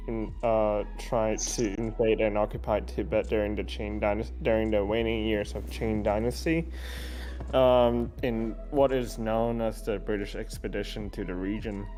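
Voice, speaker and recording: A man on a discussion podcast, talking in a halting way with many fillers and restarts. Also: on the low side, a little mellow. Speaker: podcast panelist. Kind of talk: casual discussion.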